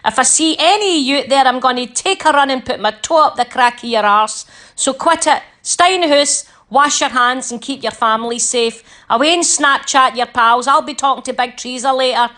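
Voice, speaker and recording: A woman's voice: high voice, a little fast, pushed and bright. A woman doing a bossy sweary Scottish leader. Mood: scolding. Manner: blunt, sweary, scolding, dialect-heavy.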